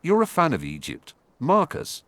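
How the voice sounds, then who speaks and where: A man voicing a sharp, commanding wizard lord who questions people in a clipped, suspicious way. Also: a little high, wildly swooping pitch, normal speed, no room sound, voice pushed up. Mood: teasing.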